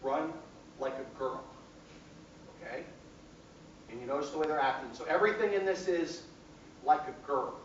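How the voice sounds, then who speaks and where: Lecturing teacher, man with a high voice, taped from the back of an echoey, dull-sounding classroom. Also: normal speed, pauses often, recorded from a distance, a little hiss or hum. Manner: keeps checking in with the class.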